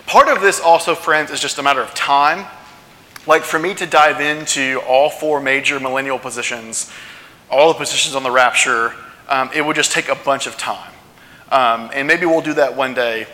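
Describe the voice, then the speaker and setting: Pastor preaching in a reverberant hall. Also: male voice, mid-range voice, bright, forceful tone. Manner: conversational, asks the congregation questions. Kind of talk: sermon. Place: church sanctuary. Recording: long church hall reverb.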